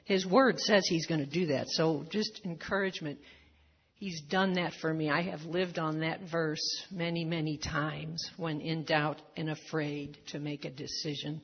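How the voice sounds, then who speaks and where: A woman's voice: deep voice, fairly even intonation, measured pace, slightly rough. An older woman giving an earnest church testimony, reading scripture verses aloud and applying them personally. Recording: dull recording in a reverberant hall.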